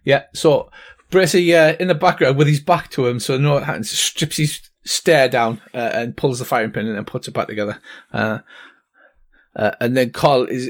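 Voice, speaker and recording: A man narrating as game master of a tabletop game, halting and full of ums and little laughs. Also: medium pitch.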